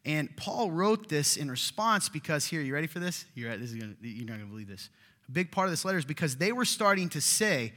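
A man's voice: on the high side, very animated, fairly quick, sharp tone. A man preaching a sermon as pastor, chatting and joking with the congregation, then reading Scripture with rising emphasis. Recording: reverberant hall.

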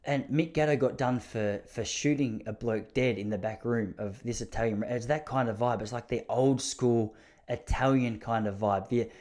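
A man's voice: mid-range voice, fairly even intonation, normal speed, a little mellow. A man with an Australian accent telling comic stories in a chatty, rambling, self-mocking way. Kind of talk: casual comic storytelling monologue.

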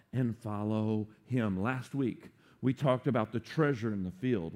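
A man preaching a sermon, animated and playful, acting out quotes for humor. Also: fairly low pitch. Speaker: pastor.

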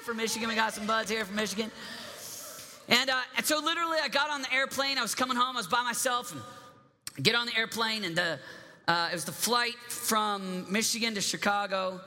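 A man's voice: very high voice, fairly quick, sharp tone, slight background noise. A man in his thirties preaching a sermon, telling stories with many restarts and asides to the audience. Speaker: pastor. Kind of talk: sermon storytelling. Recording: long hall reverb.

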